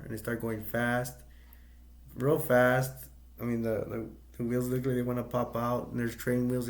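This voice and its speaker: A man casually recapping a movie's plot, rambling and hesitant, with many fillers and self-corrections. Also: medium pitch. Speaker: movie reviewer.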